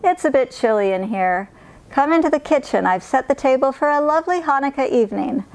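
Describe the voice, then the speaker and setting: A woman voicing a kindly, chatty old grandmother in a storybook, cheerful and doting, gently scolding. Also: high-pitched, expressive, a little fast, voice pushed up, poor audio. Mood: welcoming. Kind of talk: storybook character voice.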